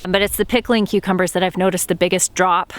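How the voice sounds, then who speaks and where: A hoarse, gravelly woman homesteader talking casually to camera, rambling and thinking out loud. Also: lowish voice, fairly even intonation, quick pace, noisy background. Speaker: homesteader and prepper. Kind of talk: casual vlog talk to camera.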